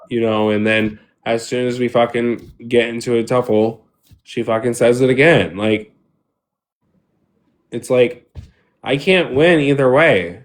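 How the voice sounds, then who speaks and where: A man's voice: mid-range voice, a little slow. A man on a live stream, frustrated and defensive, swearing heavily as he argues. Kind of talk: heated live stream argument.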